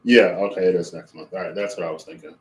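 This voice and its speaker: A man's voice: sits low, steady tone, quick pace, darkish tone, echoey room, poor audio. A man streaming casually at home, rambling and amused with himself while he cooks and eats. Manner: rambling, self-amused, talks with mouth full. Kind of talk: casual livestream chat while cooking and eating.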